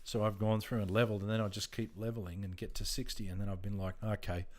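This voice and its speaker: A man's voice: on the low side, level tone, quick pace, a little mellow. A laid-back Australian man chatting casually with viewers during a game stream, rambling and friendly with lots of fillers. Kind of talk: casual live-stream chat.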